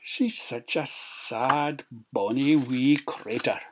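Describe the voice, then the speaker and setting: A Scottish storyteller voicing Big Head, the oldest, wisest dwarf, calm and kindly. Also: medium pitch, slow pace, background noise, close to an everyday voice. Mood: soothing. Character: old wise male dwarf leader, calm and kind.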